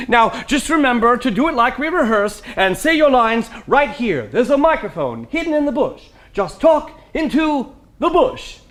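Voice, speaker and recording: Actor as a high-voiced, bouncy director, patient but fraying, animated. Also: male voice, unhurried, full character voice. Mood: upbeat. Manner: exasperated, chirpy. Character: flustered, fussy film director man. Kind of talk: stage comedy acting.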